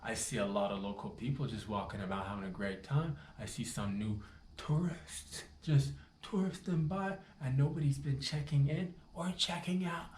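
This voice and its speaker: A man spins a rambling, swaggering comic tall tale full of slang, his voice leaping up high whenever he gets worked up. He sounds like he is in a roomy space with a lot of echo, and there is faint ambient noise behind him. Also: normal speed, a little mellow. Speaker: storyteller. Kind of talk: absurd comic storytelling monologue.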